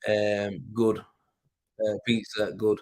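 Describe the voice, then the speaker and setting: A man's voice: on the low side, completely flat delivery, very slow, a little mellow, poor audio. A man with a Yorkshire accent hosting a casual livestream, rambling and chatty as he reads viewer comments. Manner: rambling, chatty, with fillers and swearing. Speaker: livestream host. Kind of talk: casual live chat reading viewer comments. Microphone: plugged-in desk mic.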